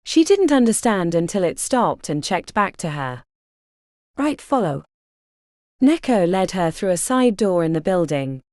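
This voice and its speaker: A woman reading a fantasy audiobook aloud in an expressive, dramatic way. Her voice is dark and mellow, with wide, lively pitch movement, and the recording is close and dry. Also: moderate pace, few pauses, no echo. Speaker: audiobook narrator. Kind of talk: scripted audiobook narration.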